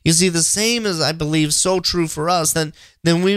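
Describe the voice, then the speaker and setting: A man's voice: fairly high pitch, moderate pace, few pauses, fairly bright tone, clear, resonant tone, no echo. A man with a slightly raised voice gives an earnest, encouraging faith talk for his podcast, stumbling and restarting often as he repeats his key points. The sound is dry and close, with no room around it. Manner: earnest, repetitive, frequent restarts. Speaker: podcast host.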